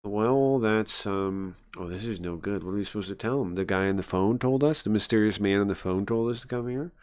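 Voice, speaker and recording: Low-voiced guy reading through a game on stream, chatty and rambling. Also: brisk, a little mellow. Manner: rambling, chatty, filler-heavy. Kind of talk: casual game read-through narration.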